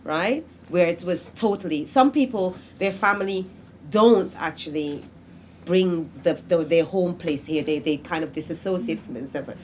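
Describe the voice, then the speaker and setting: A woman poet answering questions at a literary event, telling lively stories and acting out family voices. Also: fairly low pitch, normal speed, a little hiss or hum. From Britain, of Grenadian family. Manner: animated storytelling, acts out family voices. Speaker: poet in conversation. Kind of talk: casual literary Q&A talk.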